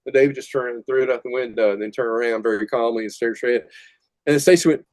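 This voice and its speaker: A man's voice: mid-range voice, racing, dry recording. An older man, a metal musician guest, telling rambling stories in a casual interview and laughing often. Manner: rambling, laughing, animated retelling.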